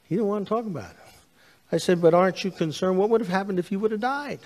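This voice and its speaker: Pastor in an echoing church. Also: male voice, high voice, fairly quick. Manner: animated storytelling, acts out dialogue. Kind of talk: sermon. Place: church sanctuary. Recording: long hall reverb.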